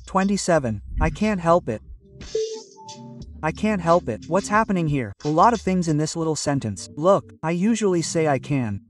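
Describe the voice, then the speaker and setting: With a slightly high, very animated voice at normal speed, a man leads a phrase-by-phrase English lesson, repeating phrases to drill pronunciation. He sounds somewhat distant over faint background music.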